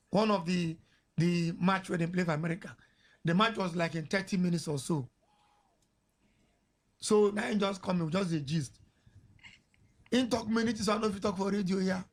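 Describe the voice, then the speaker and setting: Nigerian pidgin radio guy, high voice, chatty storyteller, laughs a lot. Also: normal speed, pauses often. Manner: chatty, laughs through his story, mixes pidgin and English. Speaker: radio host. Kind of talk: casual storytelling on air. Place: radio studio. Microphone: studio mic.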